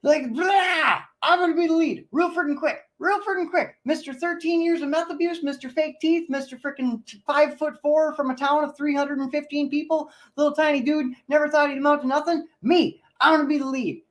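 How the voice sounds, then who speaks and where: A man hosting his own livestream, talking excitedly and rambling to his viewers. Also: extremely high pitch, fairly quick, few pauses, rough recording. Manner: hyped and pumped, loosely rambling, addresses viewers directly. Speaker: livestream host.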